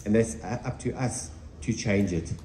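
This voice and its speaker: A man's voice: lowish voice, normal speed, dark tone, a little hiss or hum. A man presenting on network marketing to his team, telling a story with emphatic delivery and acting out both sides of a conversation. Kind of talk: animated storytelling talk to a team. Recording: roomy recording with faint ambience.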